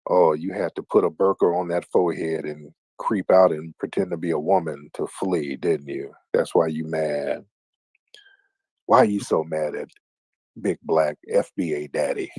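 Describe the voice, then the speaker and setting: This livestream host has a rumbling low voice, slightly rough and darkish, keeping a steady tone at a moderate pace with no room sound. Late at night he banters casually with callers, teasing them in a mocking sing-song way.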